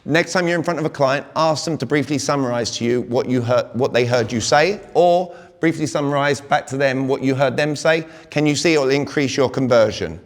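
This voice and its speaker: With a British accent and a medium-pitched voice, a man coaches a live audience in a big hall on sales communication, talking a little fast with hardly any pauses. He's full of energy, throwing rhetorical questions at the room during the seminar, and the recording has a long hall reverb.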